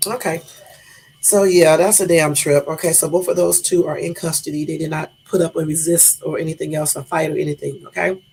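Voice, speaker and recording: A woman's voice: deep voice, fairly even intonation, brisk, darkish tone, a little hiss or hum. A woman hosting a casual live stream, chatty, laughing at her own stumbles and talking to her viewers directly, with a Californian accent. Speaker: livestream host.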